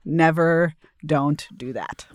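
A woman on a podcast panel, chatting in a quick, playful and gushing way. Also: low voice, no room sound, clean studio sound. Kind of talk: casual chat.

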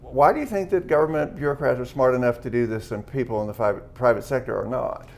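A man's voice: mid-range voice, quick pace. A man hosting an interview, asking probing and skeptical questions. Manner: skeptical, challenging. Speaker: interviewer and host.

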